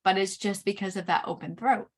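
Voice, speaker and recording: A middle-aged woman giving a chart reading, explaining each point slowly with frequent pauses. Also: mid-range voice, fairly even intonation. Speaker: Human Design reader.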